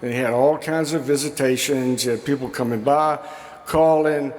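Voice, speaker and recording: A man's voice: medium pitch, steady tone, moderate pace. Man reminiscing in an echoey gym. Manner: warm storytelling with fillers, mimics quoted coach. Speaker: memorial speaker, former player. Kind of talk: anecdotal eulogy. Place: large school gym. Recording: echoey gym with long reverb.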